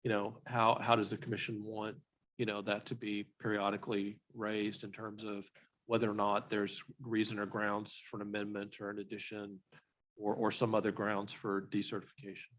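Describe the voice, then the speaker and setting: A man speaking as a commission member in a meeting, measured, reasoning aloud. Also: lowish voice, monotone, a bit bright, poor audio. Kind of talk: meeting discussion.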